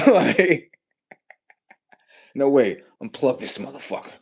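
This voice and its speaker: A man rambling on a casual livestream, profane and slangy, laughing often and swinging between loud outbursts and low mumbles. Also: very animated, unhurried, pauses often, slightly rough.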